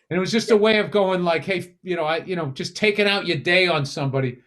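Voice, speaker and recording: A man's voice: high voice, quick pace, hardly any pauses, fairly bright tone. A middle-aged man with a Boston accent co-hosting a podcast, telling stories in a heated, profane, casual way. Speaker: podcast co-host. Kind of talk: casual chat.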